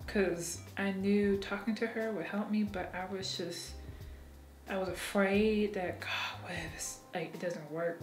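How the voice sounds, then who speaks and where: A woman's voice: lowish voice, echoey room. A woman talking frankly and emotionally in a candid personal vlog, swearing freely and laughing often. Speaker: vlogger.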